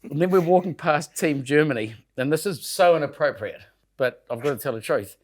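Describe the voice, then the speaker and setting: With a fairly high pitch and lively intonation, a New Zealand man talks briskly as a show regular on a laid-back podcast. He spins a rambling, laugh-filled story, dropping casual swear words as he goes.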